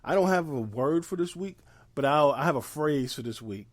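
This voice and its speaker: A man's voice: on the high side, animated, normal speed, no room sound. Laid-back man on a podcast. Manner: laid-back, easygoing, lots of ums. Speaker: podcast co-host. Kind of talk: casual podcast chat.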